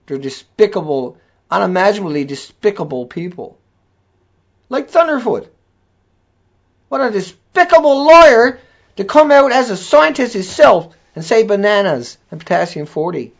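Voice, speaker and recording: Furious high-voiced man ranting, profane. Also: animated, normal speed, creaky, long pauses. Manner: furious, profane, repetitive tirade. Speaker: video blogger. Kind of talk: angry ranting monologue. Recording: dull lo-fi recording.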